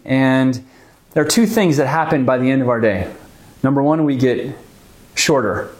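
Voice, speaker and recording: A man calmly leading a stretching class, guiding the moves step by step and explaining why each one helps. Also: mid-range voice. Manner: calm, gently coaching, explains the reasons for each move. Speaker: movement class instructor. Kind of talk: guided exercise class instruction.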